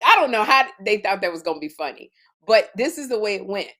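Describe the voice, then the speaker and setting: A woman's voice: mid-range voice, sing-song, fast talker, sharp tone. A woman co-hosting a comedy talk show, telling a funny story and acting out scenes in exaggerated voices. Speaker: podcast co-host.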